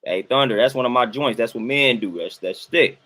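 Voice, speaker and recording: A man's voice: mid-range voice, a little fast, pushed and bright. A young adult man, casually talking to his livestream chat, colloquial and repeating himself for emphasis. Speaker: livestream host reading chat.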